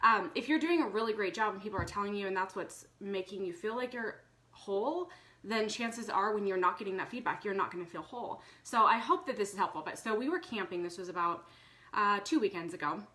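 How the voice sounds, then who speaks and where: Bright-voiced woman chatting earnestly. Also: mid-range voice, animated, fairly quick. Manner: earnest and chatty, with many fillers. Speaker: vlogger. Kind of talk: casual live talk to viewers.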